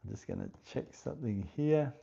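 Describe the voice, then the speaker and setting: An Australian man hosts a casual livestream in a dark, medium-pitched voice with vocal fry and wildly swooping pitch. Speaking slowly and unhurriedly, he reads viewer comments and thanks each viewer by name. The dull lo-fi stream audio carries a little hiss or hum.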